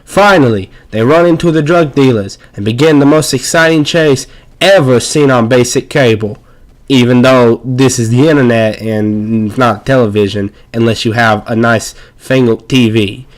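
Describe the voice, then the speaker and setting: Man, gameplay voice-over narrator, sarcastic, rambling, mock-excited, mid-pitched voice. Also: normal speed. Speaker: video narrator.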